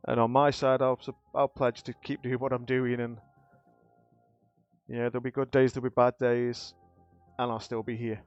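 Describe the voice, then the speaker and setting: A man's voice: mid-range voice, level tone, normal speed, clear, resonant tone, no echo. Man, streamer, casual chat, emotional and grateful, rambling restarts, dull lo-fi sound, faint music behind.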